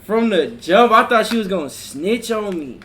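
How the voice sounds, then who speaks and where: A man's voice: high-pitched, expressive, normal speed. A man hosting a stream, chatting casually in a laid-back, slangy way and talking to his chat. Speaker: streamer host. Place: room at home. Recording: mic at a distance, faint hiss.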